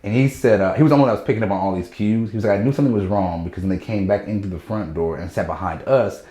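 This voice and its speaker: A stand-up comedian, appearing as a guest, tells a story fast in a low voice during a casual chat. He's animated and slips into other people's voices when quoting them, and the room sounds echoey.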